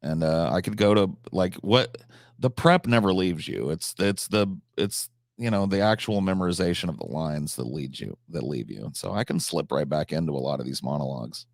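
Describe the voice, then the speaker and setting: A man's voice: very deep voice, lively intonation, normal speed, gravelly, no echo, clean studio sound. A man chatting casually on a live stream, answering chat questions, swearing freely, with frequent restarts and fillers.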